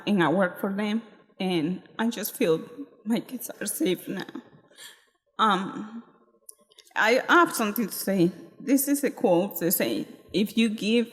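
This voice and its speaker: A woman giving public comment at a school board meeting, halting and emotional, apologizing as she speaks. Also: medium pitch. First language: not English. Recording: reverberant hall.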